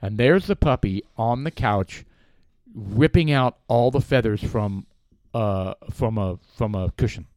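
A man's voice: on the low side, measured pace, dry recording, studio quality. A man co-hosting a casual podcast chat, telling stories with swearing and laughter. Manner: animated storytelling, swearing, laughing. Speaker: podcast co-host.

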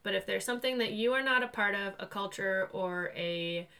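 A young woman co-hosting a podcast in casual chat, bubbly and quick to laugh. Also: medium pitch, bright, forceful tone, clean tone. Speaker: podcast co-host.

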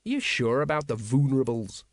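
A stout, nervous middle-aged sergeant, as a male reader puts him on, speaking near the reader's own pitch with a grumbling, reluctant edge. The sound is close and dry. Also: lively intonation, normal speed, no echo, lightly acted.

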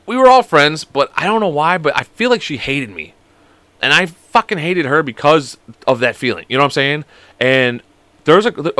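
Animated, swearing young man telling a story. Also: fairly high pitch, no echo. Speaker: podcast host. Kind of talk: casual storytelling. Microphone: podcast mic.

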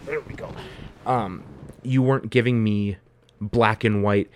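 A man's voice: on the low side, a little slow, no room sound. A man hosting a podcast, talking casually with lots of fillers and restarts. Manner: rambling, many fillers and restarts. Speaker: podcast host. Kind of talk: casual conversation.

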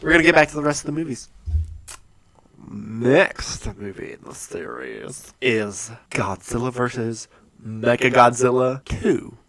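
A man's voice: mid-range voice, a little slow, a bit bright, no echo. A man co-hosting a casual movie podcast, telling stories animatedly and laughing often. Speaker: podcast co-host.

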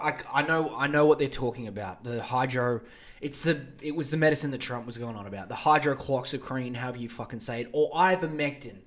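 A man's voice: mid-range voice, brisk, a bit bright. A man hosting a podcast, giving a crude, sarcastic comedic rant full of mocking insults. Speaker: podcast host. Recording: echoey room.

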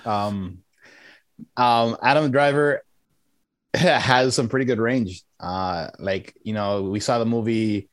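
A low-voiced man talks through his take in a casual movie review chat. He hesitates and restarts often, and the sound is dry and close. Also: slow pace, dry recording. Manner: hesitant, many restarts and fillers. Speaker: podcast co-host.

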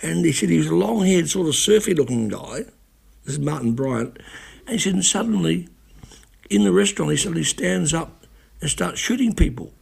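A man's voice: fairly high pitch, animated, a little fast, vocal fry, darkish tone, breathy edge. A man, a radio broadcaster, recounting events in a rambling, self-correcting way with blunt swearing. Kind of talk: casual spoken recollection.

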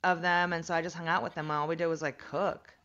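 A woman's voice: fairly low pitch, quick pace, crowd noise. Rambly american-raised woman telling a story, lots of likes and ums, kinda muffled lo-fi audio. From United States. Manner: animated and rambling, many fillers. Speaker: guest, comedian. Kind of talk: casual storytelling chat.

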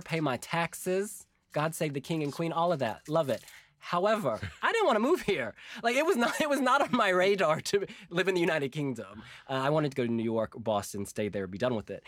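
An American man in his forties, a guest telling lively stories in casual chat and laughing often. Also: medium pitch, dry recording. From United States. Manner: animated storyteller, laughing often.

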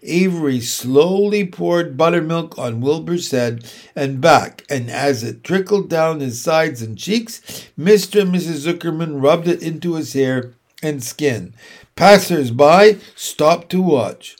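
A man reading a children's book aloud, narrating slowly and deliberately. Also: on the high side, lively intonation. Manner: slow, deliberate storytelling.

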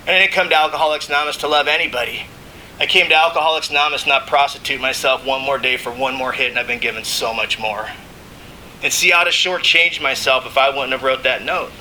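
A man's voice: medium pitch, fast talker, pushed and bright, a little hiss or hum, low-quality recording. A man telling his recovery story to a recovery meeting, casual and emotional, often saying "you know what I mean" and laughing between lines. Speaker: recovering alcoholic speaker. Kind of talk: AA share, speaking to a meeting.

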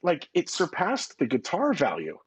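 Man, podcast guest, husky, dry sound, animated slangy storyteller, casual swearing. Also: fairly high pitch, moderate pace, no echo. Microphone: phone call-in.

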